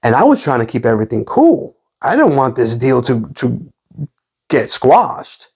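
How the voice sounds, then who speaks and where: A man casually telling a story from his past, animated and loose, with lots of restarts and "you know"s. His voice sits in an ordinary middle range. The recording is slightly dull and lo-fi. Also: medium pitch, unhurried, slightly rough. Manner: animated retelling, frequent fillers and restarts. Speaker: sports card collector and channel host.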